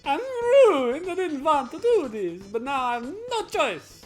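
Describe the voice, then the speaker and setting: A player putting on a loud, hammy voice for a blustering boss villain while reading game dialogue aloud. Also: high-pitched, sing-song, unhurried, soft background music, voice pushed up. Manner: loud, hammy, shouted boasts.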